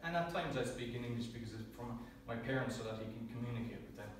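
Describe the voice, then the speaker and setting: A man's voice: mid-range voice, fast, background noise. An Irish man giving a prepared humorous speech at a speaking club, joking and self-deprecating, often chuckling at his own lines. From Ireland. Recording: very echoey room, distant mic.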